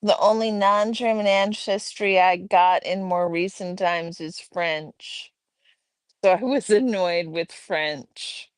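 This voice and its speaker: A woman talks casually to her stream chat from home, reading out viewer messages as she goes. Her voice is slightly low and smooth, with an unhurried pace. The sound is close and dry. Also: dry recording. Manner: relaxed, reads chat aloud, chatty asides. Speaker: livestream host.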